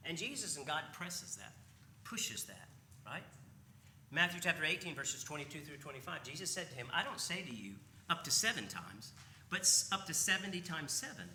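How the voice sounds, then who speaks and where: A man's voice: fairly high pitch, sing-song, moderate pace, bright, forceful tone, roomy sound, a little hiss or hum. A man preaching a sermon in a conversational way, often asking his listeners rhetorical questions. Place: church sanctuary.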